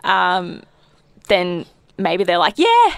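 A young woman co-hosting a relaxed podcast, weighing her words carefully and slipping in dry jokes. Her mid-pitched voice sits close to the mic in a dead, dry room. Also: no echo. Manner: measured, thoughtful, dry humour. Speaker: podcast co-host. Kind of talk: casual chat.

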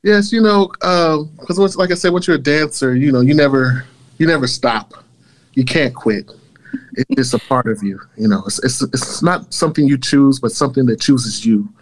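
A man chatting as a guest, playful and animated, often breaking into laughs. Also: medium pitch, moderate pace, low-quality recording. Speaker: guest, former pro dance team member. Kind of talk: casual chat.

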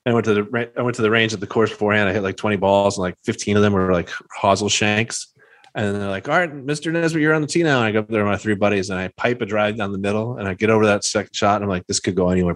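A man in casual conversation, telling animated stories and acting out what people said. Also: lowish voice, fast. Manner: animated storyteller, acts out quoted voices. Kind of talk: casual chat about golf.

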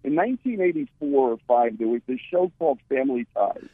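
A man's voice: medium pitch, very animated, a little fast, slightly rough, no echo. A man joining a radio show as a guest, speaking emphatically and telling stories with strong opinions. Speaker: radio guest, network executive. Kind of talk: phone-in interview. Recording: tinny phone line.

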